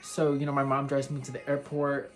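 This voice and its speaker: A young man from Texas talks straight to the camera in a loose, rambling way, full of "like" and "you know". His pitch sits in the middle range for a man. Soft music plays faintly under his voice. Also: a little fast. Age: young adult. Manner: rambling, animated, heartfelt, filled with "like" and "you know". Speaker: vlogger. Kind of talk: personal storytelling vlog.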